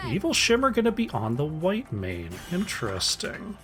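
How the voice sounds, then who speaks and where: A man's voice: on the high side, wildly swooping pitch, moderate pace, over music. A man casting an esports draft solo, chatty and casual, talking to his chat between picks. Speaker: esports caster.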